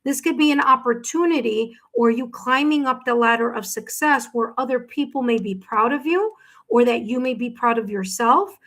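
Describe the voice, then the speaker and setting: A woman's voice: fairly high pitch, normal speed, a bit bright. A woman giving a live-streamed tarot reading, effusive, exclaiming and thanking viewers by name. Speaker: tarot reader.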